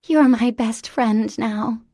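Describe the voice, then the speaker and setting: A woman voicing a childlike, eager and affectionate young woman in an audiobook, with a high, bubbly voice. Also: slow pace, warm tone, no echo, studio quality. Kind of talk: audiobook character voice.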